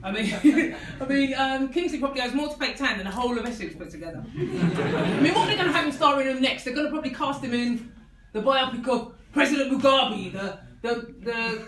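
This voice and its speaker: A high-pitched woman works through a stand-up set, laughing along with her own lines. She is caught from far back in a reverberant venue. Steady noise sits under her voice. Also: fairly quick. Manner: laughs at her own jokes, many "I mean" fillers. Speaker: stand-up comedian. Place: comedy venue with live audience. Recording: echoey room recorded from afar, noisy.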